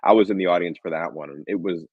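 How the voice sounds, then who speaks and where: A man, a film director, talking casually in an interview, telling stories with lively quoted voices and frequent laughs. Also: deep voice, quick pace, husky, no echo. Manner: animated storyteller, acts out quotes, laughs often. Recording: dull, dry lo-fi sound.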